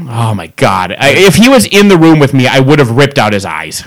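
A man's voice: mid-range voice, brisk, few pauses. A man telling a long angry story in casual chat, ranting and swearing freely. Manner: ranting, profane, animated. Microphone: pop filter.

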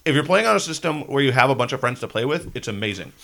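A man's voice: medium pitch, lively intonation, racing, vocal fry, bright, forceful tone. A man hosting a casual podcast chat about games, joking and chatty. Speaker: podcast host.

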